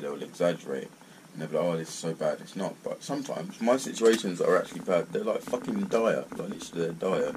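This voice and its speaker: A man's voice: low-pitched, a little hiss or hum, poor audio. A man, ranting bluntly and swearing in a casual video monologue. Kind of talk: casual rant to camera.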